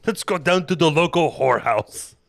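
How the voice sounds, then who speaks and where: A man hams up Samson as a loud, brash strongman who is eager for a fight. The voice is pushed higher and louder than normal speech, with a gravelly crackle and a bright edge. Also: lively intonation, moderate pace. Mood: goofy boastful. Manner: loud, goofy storytelling voice.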